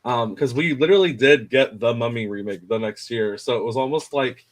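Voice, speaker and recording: Mid-pitched man, hesitant podcast chat. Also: fairly quick. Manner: thoughtful, hesitant, uses fillers. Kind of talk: casual movie chat.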